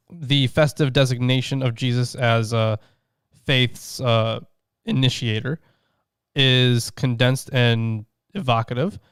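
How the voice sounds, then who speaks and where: A man co-hosting a casual chat, explaining a text and often pausing with filler sounds. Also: medium pitch, clear, resonant tone, dry recording, studio quality. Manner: hesitant, many filler sounds while explaining. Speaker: co-host.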